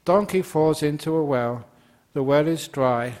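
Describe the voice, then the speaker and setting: A man's voice: a little high, measured pace, a little mellow. A man, a Buddhist monk, giving a dharma talk and telling stories playfully while laughing at his own jokes.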